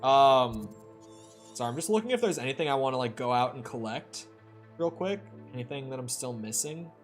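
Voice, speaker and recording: A male streamer from the Upper Midwest chatting as he plays, drifting into loose, storytelling asides. His pitch sits in the middle, and faint game music runs underneath. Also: expressive, normal speed. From Upper Midwest of the United States. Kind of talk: casual chat while playing a video game.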